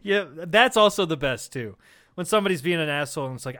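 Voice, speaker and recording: This man talks with a high voice as he co-hosts a comedy podcast. He swears freely and laughs a lot. He acts out exaggerated quotes in his casual banter. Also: expressive, brisk, fairly bright tone. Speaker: podcast co-host.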